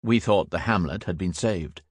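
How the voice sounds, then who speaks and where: A man reading a war memoir audiobook as scripted narration, raising his voice for characters' shouts. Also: deep voice, normal speed, husky, dry recording, clean studio sound.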